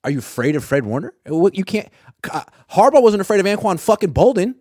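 A young man co-hosting a sports podcast, talking casually and animatedly, cursing and shouting impressions of a coach. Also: high-pitched, very animated, fast talker, dry recording, studio quality.

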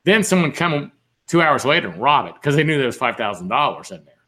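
A man's voice: medium pitch, sing-song, quick pace, pushed and bright. Male co-host, casual rambling storyteller, mid voice. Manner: rambling storyteller, lots of fillers. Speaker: podcast co-host. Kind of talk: casual chat.

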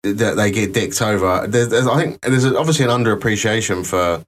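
Brit male co-host, low-pitched, dry humour, steady argumentative chat. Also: a little fast. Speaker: podcast co-host, works in IT. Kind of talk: casual podcast debate.

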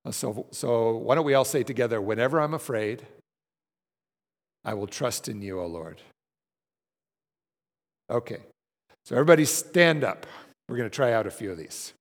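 A man of middle pitch leads a group through breathing exercises and recitation in a large room. His casual, conversational teaching keeps checking in with the listeners, and a long hall reverb trails his voice. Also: lively intonation, normal speed, pauses often. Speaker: class leader.

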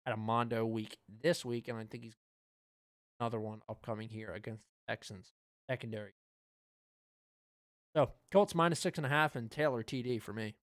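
A man co-hosting a podcast, talking through sports bets in a relaxed, loose way with frequent fillers. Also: mid-range voice, moderate pace, long pauses, no room sound, clean studio sound. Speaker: podcast co-host. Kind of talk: casual sports betting chat.

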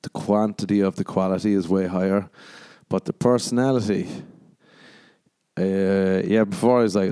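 A man's voice: lowish voice, lively intonation, normal speed, mellow. A young Irish man hosting a podcast on his own, rambling in a crude, jokey way while answering listener questions. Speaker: podcast host. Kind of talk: casual solo podcast rambling.

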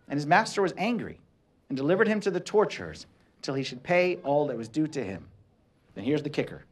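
A priest giving a sermon in a conversational way, dropping to quiet asides and building to emphatic, repeated points. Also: male voice, medium pitch, expressive, fast. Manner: conversational preaching, swinging between soft asides and rising emphatic repetition.

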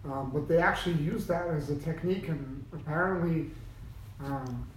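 A man in a class discussion speaks haltingly, reaching for his words. His fairly high voice sounds distant in an echoey room, with faint noise behind him. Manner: hesitant, halting with fillers. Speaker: class participant. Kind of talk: casual discussion.

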